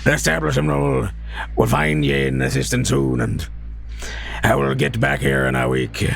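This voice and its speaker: A man voicing a gruff old sea captain in a pirate-like drawl, handing out lighthouse orders. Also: medium pitch, expressive, moderate pace, a bit bright, soft background music. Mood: gruff instructing.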